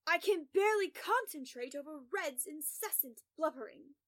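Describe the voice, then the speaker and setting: A woman's voice: sits high, lively intonation, unhurried, a bit bright. A woman voicing a volatile, menacing man who speaks with a growl and an irritable, gloating edge. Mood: irritated.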